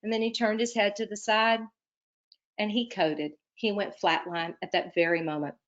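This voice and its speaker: A woman's voice: medium pitch, little pitch movement, moderate pace, lo-fi sound. A woman, an admissions advisor, telling a personal story in an earnest, emphatic way and then giving application advice. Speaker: medical school admissions advisor.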